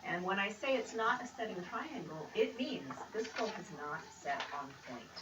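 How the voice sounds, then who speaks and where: A woman, a quilt pattern designer, presents a quilting demonstration at a creative center studio, chatty and casual with upbeat asides. Her mid-range voice is expressive at a moderate pace, and the recording sounds roomy, distant and noisy.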